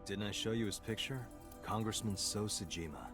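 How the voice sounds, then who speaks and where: An actor voicing a gruff adult male detective in a video game, flat and clipped as he explains things. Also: lowish voice, moderate pace, close to an everyday voice. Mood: curt. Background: game music.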